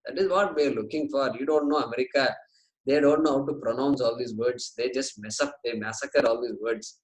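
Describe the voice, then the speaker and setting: A man giving a scripture class, explaining Sanskrit terms slowly and with light jokes. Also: medium pitch, echoey room, rough recording. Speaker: Vedanta teacher.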